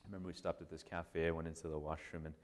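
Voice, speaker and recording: A man, a priest, giving a casual, animated storytelling talk full of restarts and "like". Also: a bass voice, very fast. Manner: animated, conversational, many restarts and "like". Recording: long hall reverb.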